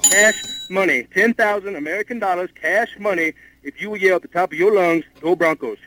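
A man's voice: high voice, fairly quick, pushed and bright, a little hiss or hum. A man playing a brash, pushy Australian game show host in a prank phone call, formally calling her ma'am over and over. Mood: pushy salesman. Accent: put-on Australian. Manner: relentless, formal, calls her ma'am constantly. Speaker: prank caller.

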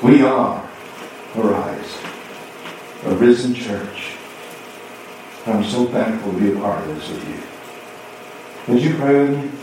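A man preaching a sermon as pastor, telling a story and acting out both sides of a conversation with lively swings in voice. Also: lowish voice, slow, pauses often, background noise. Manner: animated storytelling, acting out dialogue. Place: church sanctuary. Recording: echoey hall from far off.

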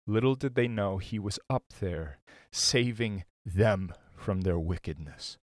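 A man preaching a sermon, earnest and searching, restarting phrases and going hushed as he quotes scripture. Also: lowish voice, slow, dry recording, studio quality. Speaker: pastor.

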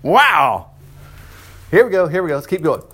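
A man with a slightly rough, somewhat high voice preaches at a moderate pace. He reads scripture aloud and breaks in with folksy, animated asides and acted-out voices.

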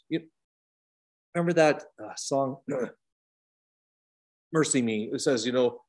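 A middle-aged man teaching an informal Bible study, swinging between emphatic high bursts and soft low asides. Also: normal speed, pauses often.

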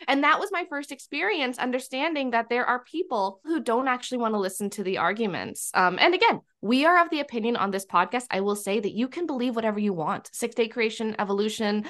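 A middle-aged woman hosting a podcast, telling a story from her past in a lively, casual way. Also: a little high, quick pace, hardly any pauses. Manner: animated, storytelling. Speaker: podcast host.

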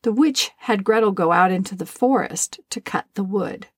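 A woman narrating a fairy tale in a measured, gentle storytelling manner. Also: mid-range voice, slightly rough, no room sound.

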